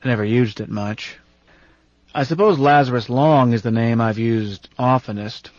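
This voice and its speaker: A man voicing a gruff, blunt, ancient man in an audiobook, with a slightly raspy, brusque and folksy way of talking. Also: medium pitch, moderate pace, no echo, close to an everyday voice. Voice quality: rasp. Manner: brusque and salty, grumbling. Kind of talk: audiobook character reading. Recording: dull, dry studio recording.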